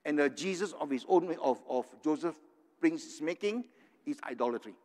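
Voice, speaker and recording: Older preacher in a reverberant hall. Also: male voice, a little high, animated, normal speed, a little mellow. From Singapore. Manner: earnest, tags points with "right?". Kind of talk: sermon.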